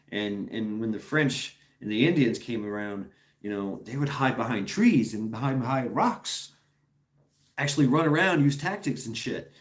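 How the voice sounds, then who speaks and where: A man chats loosely with his viewers, drifting from point to point and dropping curse words as he goes. He laughs between thoughts, and his voice is neither high nor low. The recording picks up a noticeable room echo around him. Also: a little mellow. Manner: rambling, profane, laughs often. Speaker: streamer host. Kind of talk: casual chat with viewers.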